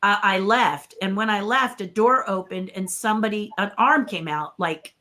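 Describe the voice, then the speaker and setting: Older woman, guest puppeteer, animated storyteller who plays out the dialogue. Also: medium pitch, normal speed. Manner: lively storyteller who acts out quoted dialogue. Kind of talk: casual storytelling in an interview.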